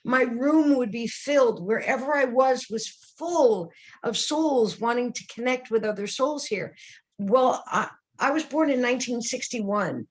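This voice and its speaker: A woman's voice: a little high, lively intonation, measured pace. A woman in her sixties, a guest psychic medium, telling personal stories earnestly with frequent fillers. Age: 60s. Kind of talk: personal storytelling in conversation.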